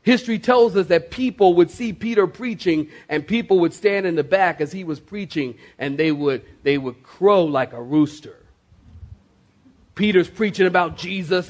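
High-voiced preacher, emphatic. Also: male voice, a little mellow. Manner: preaching with dramatic slowdowns and sudden rises. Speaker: pastor. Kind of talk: sermon. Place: church sanctuary.

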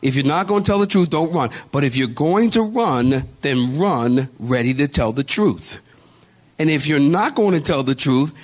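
A man's voice: medium pitch, lively intonation, moderate pace, darkish tone. A man preaching a sermon as pastor, emphatic and calling out to his congregation with repeated exhortations. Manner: calls out to the congregation.

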